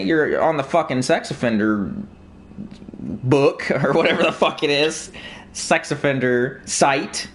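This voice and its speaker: A man's voice: fairly high pitch, fairly bright tone. A man ranting to his viewers in casual, profane talk, telling stories with mocking impressions. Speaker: streamer. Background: video game music.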